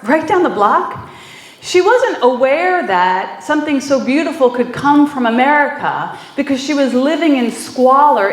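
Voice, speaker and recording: A woman minister giving a conversational sermon, telling stories with frequent fillers and easy laughter. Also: sits high. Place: small church hall. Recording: echoey room.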